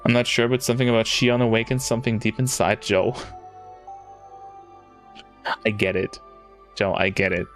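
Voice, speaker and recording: A man's voice: on the low side, flat delivery, normal speed, pauses often, fairly bright tone, soft background music. A man streaming a game live, making crude joking asides to his chat.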